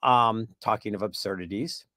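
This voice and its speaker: A man's voice: fairly low pitch, normal speed, bright, forceful tone, no echo. Man, panel host, chatty and rambling, losing his voice, dry close sound. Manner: chatty, meandering, playful asides. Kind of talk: spiritual panel discussion.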